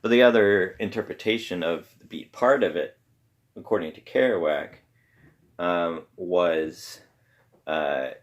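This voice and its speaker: A man hosting a podcast from a room at home, talking casually about poetry in a rambling, halting way. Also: deep voice, highs cut off. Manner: rambling, halting with many pauses. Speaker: podcast host. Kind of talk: casual solo talk on poetry. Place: home room with pets around.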